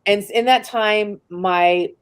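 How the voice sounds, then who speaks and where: A woman's voice: mid-range voice, slow, clear, resonant tone. A woman from the San Francisco Bay Area, a guest in a live interview, tells a personal story in a casual, candid way. She often says "like" and swears freely.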